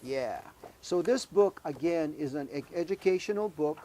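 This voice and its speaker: A man hosting a children's show, gently quizzing young guests and leading sing-alongs. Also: a little high, expressive. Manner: slow, gentle, quizzing kids. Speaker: host. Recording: music behind voice.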